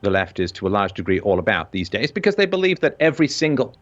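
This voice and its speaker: Guest commentator, male, lowish voice, intense delivery that swells to forceful emphasis, dull lo-fi recording. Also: big pitch swings, fast talker. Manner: intense, builds to loud emphatic peaks. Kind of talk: impassioned discussion. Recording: dull lo-fi audio.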